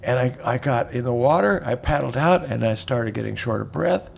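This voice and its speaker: A man's voice: mid-range voice, animated, normal speed, creaky, slight background noise. A man in his seventies, a guest in a casual chat, telling rambling stories with many restarts. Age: 70s.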